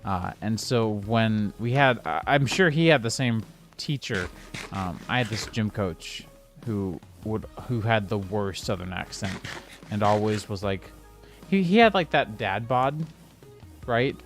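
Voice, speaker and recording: A man's voice: fairly low pitch, expressive, a little slow, soft background music. A man streaming a building game, rambling casually and now and then snapping in exasperation at the game. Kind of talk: casual gameplay commentary.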